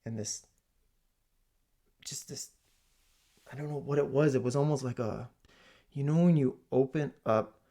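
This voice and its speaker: Man, gravelly voice, average pitch, comedic rant, basement at home, animated storytelling. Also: a little slow, long pauses. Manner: animated storytelling, swinging from loud exclamations to hushed asides. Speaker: comedic ranter.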